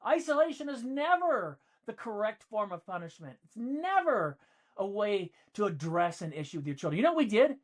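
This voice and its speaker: A man's voice: high voice, big pitch swings, moderate pace. A middle-aged man co-hosting a podcast, telling a personal story emphatically and repeating key points for effect. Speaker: podcast co-host.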